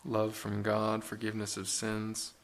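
A man's voice: on the low side, completely flat delivery, measured pace, vocal fry, a little hiss or hum. A man preaching a sermon in an earnest, conversational way, with rhetorical questions and frequent restarts.

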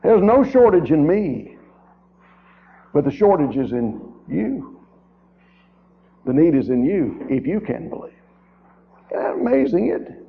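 A man's voice: high voice, gravelly. Preacher man on tinny old tape. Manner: emphatic, with rhetorical questions and repeated phrases. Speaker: guest preacher. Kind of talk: sermon. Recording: tinny, narrow-band old tape recording.

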